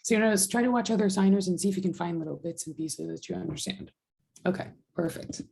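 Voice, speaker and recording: A woman's voice: fairly low pitch, fast, creaky, warm tone, rough recording. A woman teaching a sign language class over a video call, patiently explaining each step. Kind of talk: online class instruction.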